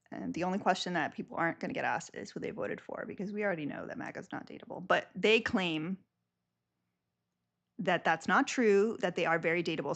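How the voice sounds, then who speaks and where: A woman's voice: lowish voice, creaky. A young woman hosting a live stream, chatting casually and rambling with lots of filler words.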